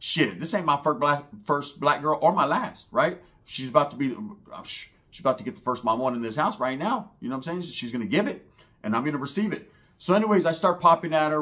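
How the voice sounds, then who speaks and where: A man's voice: fairly high pitch, lively intonation, quick pace, bright, forceful tone. A man telling a comedic story in a profane, slang-heavy, rambling way.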